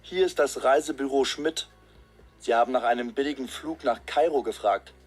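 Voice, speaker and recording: Man doing a businesslike clerk, exam listening audio, quick matter-of-fact, husky voice. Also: medium pitch, faint music behind, natural voice. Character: brisk male travel agent and passerby. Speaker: voice actor in language exam audio. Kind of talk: scripted exam listening recording.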